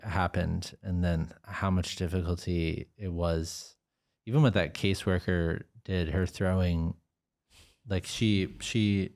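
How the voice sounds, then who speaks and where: A man hosting an interview, reflective and halting, stringing thoughts together with repeated "and". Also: sits low, creaky, darkish tone. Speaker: podcast host. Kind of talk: conversational interview.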